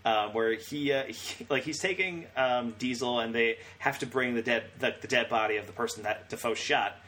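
A man's voice: medium pitch, normal speed, pushed and bright. A young man co-hosting a podcast, retelling scenes in a rambling, casual way with frequent laughter. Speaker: podcast co-host. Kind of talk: casual chat.

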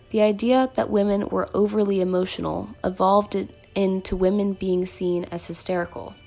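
A woman's voice: fairly low pitch, a little mellow. A woman hosting a podcast, reading a scripted essay in an earnest, read-aloud way. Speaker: podcast host.

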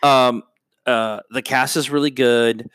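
A man's voice: mid-range voice, steady tone, slow, fairly bright tone, clear, resonant tone, no room sound. A man co-hosting a podcast, talking through his opinions in a rambling way, with lots of filler sounds and restarts. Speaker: podcast co-host. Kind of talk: casual chat.

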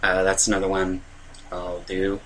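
A man's voice: low-pitched, completely flat delivery, normal speed, a bit bright, a little hiss or hum. A young man, a stand-up comedian, rambling through a casual podcast monologue with lots of fillers and self-deprecating asides.

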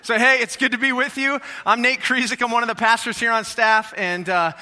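A high-voiced man preaching with an energetic, chatty delivery, often turning to the congregation with rhetorical questions. His tone is crisp and sharply bright, and a long reverb trails each phrase through the big sanctuary. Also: fairly quick. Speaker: pastor. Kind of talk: sermon. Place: large church sanctuary.

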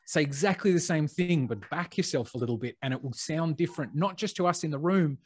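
A man's voice: on the high side, animated, a little fast, few pauses, husky, no room sound. A man, talking thoughtfully in a casual conversation and building on ideas with playful asides. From Australia.

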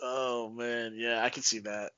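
A man co-hosting a casual podcast, steering topics with animated, halting talk. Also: medium pitch, clear, resonant tone, no room sound. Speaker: podcast co-host. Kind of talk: casual chat. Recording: dull lo-fi sound.

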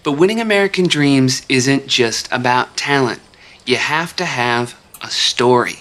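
An actor playing a smooth, slick male talent agent in a film comedy, with a bright salesman's patter. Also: mid-range voice, a little slow, close to an everyday voice.

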